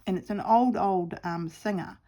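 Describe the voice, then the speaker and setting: A middle-aged woman with a New Zealand accent, a sewing vlogger, sews outdoors at home and chats away about crafting. She speaks at normal speed in a mellow, mid-range voice, rambling self-deprecatingly and sometimes lowering to a murmur.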